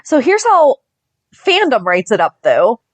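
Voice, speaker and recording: A woman's voice: a little high, huge pitch swings, a little slow, no echo. Chatty woman recapping a soap. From Northeastern US. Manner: chatty storyteller, acting out quotes, laughing often. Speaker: podcast co-host. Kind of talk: casual chat recapping a soap opera.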